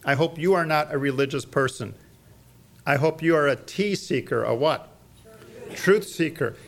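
A man's voice: fairly high pitch, normal speed, vocal fry. A middle-aged man teaching a church class on evangelism, emphatic, quizzing his audience with fill-in-the-blank questions.

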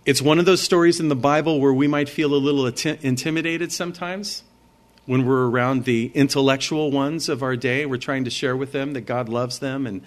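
A man's voice: medium pitch, steady tone, brisk. Earnest male pastor preaching conversationally. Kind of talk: sermon.

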